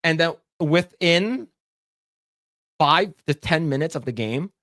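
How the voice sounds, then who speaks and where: A man's voice: a little high, expressive, slow, fairly bright tone, dry recording, clean studio sound. A man co-hosting a podcast, telling a rambling gaming story with lots of fillers and frequent laughter. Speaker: podcast co-host. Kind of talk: casual chat, storytelling.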